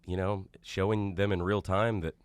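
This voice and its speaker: A man with a very deep voice speaks as a podcast guest. He talks in a relaxed, reflective way, and the recording is dry and close. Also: normal speed, no echo. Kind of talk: casual conversation.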